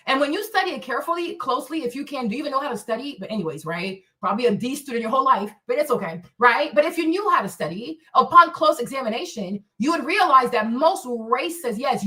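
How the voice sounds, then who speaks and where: On a slightly distant mic, a woman from Africa hosting a livestream delivers a solo rant in a high-pitched, bright and forceful voice. Her manner is blunt, confrontational and profane, and she keeps tagging on "right?".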